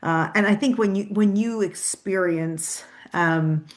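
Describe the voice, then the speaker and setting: A woman's voice: medium pitch, slow pace. A Canadian woman with a Canadian accent, answering interview questions in a chatty way, with many restarts and fillers, over a video call. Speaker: guest.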